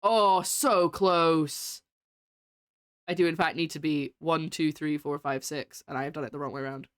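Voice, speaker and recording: A woman's voice: sits low, steady tone, quick pace, dry recording, studio quality. A woman chatting casually and giggling as she plays a game on stream. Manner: chatty, giggly, self-mocking. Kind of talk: casual gameplay chat.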